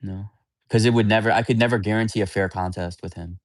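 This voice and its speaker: Blunt, rambling man with a low voice. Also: fairly even intonation, quick pace, dry recording, clean studio sound. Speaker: livestream host. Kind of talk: casual livestream chat answering viewers.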